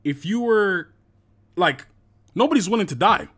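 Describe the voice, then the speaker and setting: A man hosting a podcast, talking in an emphatic, animated way and swearing casually in a group discussion. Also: sits high, moderate pace, breathy edge.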